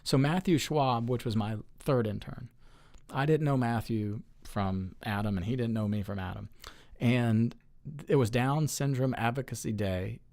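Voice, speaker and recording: A man's voice: mid-range voice, a little slow, gravelly, a little mellow. Earnest, chatty man telling stories. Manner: chatty and earnest, many fillers and restarts. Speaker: state lawmaker as guest. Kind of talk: casual storytelling interview.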